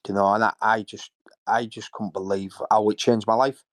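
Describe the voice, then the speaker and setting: This man, once a footballer and now in his 50s, comes from Hull in England and recounts tales casually for an interview, rambling with repeated words and real emotion. His voice is on the low side, flat, at a moderate pace, with no room sound.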